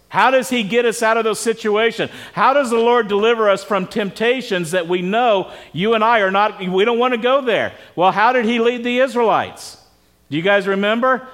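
A man's voice: high voice, a bit bright. A man preaching a conversational sermon to a congregation, often stopping to ask them questions. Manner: casual, quizzes the congregation with questions. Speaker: pastor. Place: church service with congregation.

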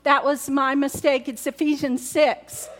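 A woman's voice: sits high, flat delivery, unhurried, fairly bright tone. A woman pastor preaching a sermon to her congregation in a chatty way, repeating key words and asking the room questions. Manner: conversational, repetitive, asks the congregation questions. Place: church in front of a congregation.

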